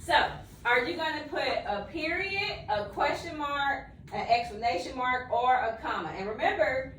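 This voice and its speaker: A high, lively woman teacher coaxes young children through a lesson with playful encouragement. Her voice swoops up and down as she praises and questions. The sound is roomy and picked up from across the classroom. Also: moderate pace, recorded from a distance, slight background noise.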